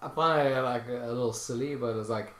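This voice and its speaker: A man's voice: mid-range voice, fairly quick, a bit bright. A man in casual podcast chat, laid-back and slangy, swearing now and then. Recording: roomy echo, faint noise.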